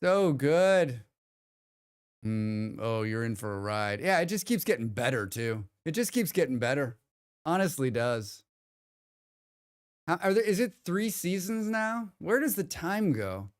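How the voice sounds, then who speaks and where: A man's voice: a little high, sing-song, unhurried. A man streaming a game live, chatting casually with his viewers in a rambling way and often restarting his sentences. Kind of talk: casual livestream chat.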